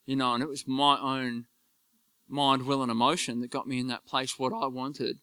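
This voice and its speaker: Man, faith testimony, earnest, halting, many fillers, smooth clear voice, dry sound. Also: mid-range voice, level tone, sharp tone, no echo. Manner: earnest, halting, full of "you know" fillers. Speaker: church member giving testimony.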